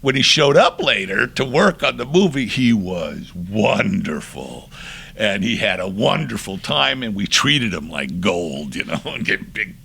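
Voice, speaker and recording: Older male guest, gravelly bright voice, swooping lively delivery, acts out every quote. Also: on the low side, a little slow. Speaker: podcast guest. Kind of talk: anecdotal storytelling.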